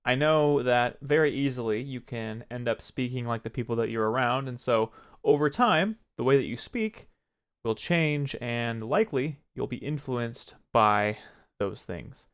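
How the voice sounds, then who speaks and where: Smooth-voiced young man giving advice. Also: mid-range voice, lively intonation. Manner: reflective, pauses often while choosing words; self-critical about his own speech. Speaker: streamer and video creator. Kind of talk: casual advice talk to camera.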